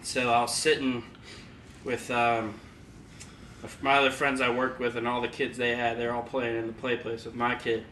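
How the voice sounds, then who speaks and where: A man's voice: medium pitch, monotone, moderate pace, bright, forceful tone. Casual young guy storyteller, laughs a lot, roomy distant mic sound with some hiss. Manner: laughing often while telling a story. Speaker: podcast co-host. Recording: echoey room, far mic, background noise.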